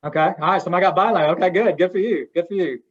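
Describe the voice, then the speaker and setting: Man presenter, fairly high voice, folksy and interactive, muffled webinar sound. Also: very fast. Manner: folksy, asks the audience questions. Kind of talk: interactive workshop talk. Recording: dull lo-fi webinar audio.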